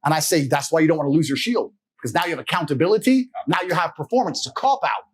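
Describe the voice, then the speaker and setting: A man's voice: fairly high pitch, expressive, fast talker, breathy edge. A man giving a blunt, profane motivational monologue, lecturing the listener directly and confrontationally.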